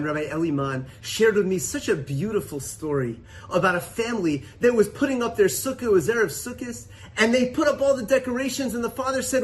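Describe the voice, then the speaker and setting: A rabbi beginning an inspirational story in an earnest, calm way. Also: male voice, sits high.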